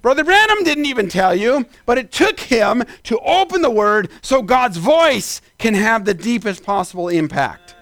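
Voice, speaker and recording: A man preaching a sermon as pastor, climbing into shouted peaks and then dropping into quick asides. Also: extremely high pitch, sing-song, dry recording.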